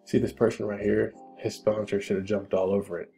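A man's voice: on the low side, level tone, brisk, gravelly, music in the background. A man hosting a casual question-and-answer stream, talking bluntly with profanity and pep-talk encouragement. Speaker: crypto channel host. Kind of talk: casual Q&A livestream.

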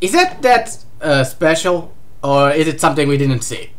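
A host reading a comic aloud in a live reaction, laughing often and breaking into excited outbursts. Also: mid-range voice, normal speed. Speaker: manga reaction streamer.

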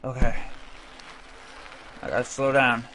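Over a faint crowd and slight background noise, a young man with a mid-range voice talks a little slowly while casually covering his gameplay. He's an excitable let's play gamer, yelping and swearing at the game and addressing his cat between runs.

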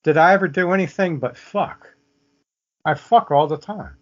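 A man's voice: fairly high pitch, moderate pace, lightly acted. A man quoting a dazed young woman who wonders aloud as if speaking to an audience, on muffled lo-fi audio. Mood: lost, searching. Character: dazed young woman lost in her own thoughts.

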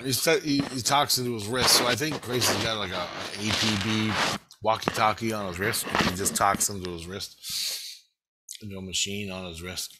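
A man casually telling a rambling, excitable story, swearing freely. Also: lowish voice, moderate pace, heavy background noise.

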